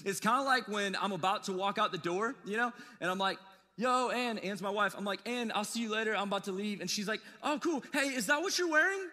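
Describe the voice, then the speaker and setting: A man preaching a sermon, telling stories in a casual, animated way with slangy asides. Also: high voice, fairly quick, big-room sound. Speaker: pastor.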